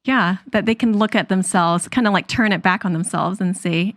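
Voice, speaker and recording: A woman's voice: mid-range voice, moderate pace, hardly any pauses, dry recording, clean studio sound. A woman hosting an interview show as a physician, talking in an affirming, reflective way and restating her guest's points. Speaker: podcast host and physician. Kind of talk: conversational interview.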